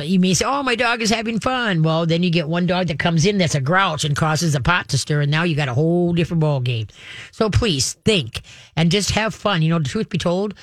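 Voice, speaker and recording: A man hosting a call-in radio show, giving folksy, animated dog-training advice to callers. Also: fairly high pitch, dry recording, clean studio sound. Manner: folksy, animated, acts out dogs and owners.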